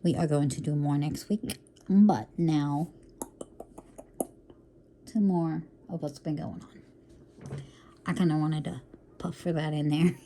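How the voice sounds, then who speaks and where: A woman with a low, gravelly voice chats at an unhurried pace while she works on a craft project. She keeps calling her viewers y'all, drops in quick apologies and mutters to herself as she works. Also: steady tone, warm tone, a little hiss or hum. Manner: chatty, calls viewers y'all, apologetic asides; talks to herself while working. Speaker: crafting vlogger. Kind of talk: casual chat while diamond painting.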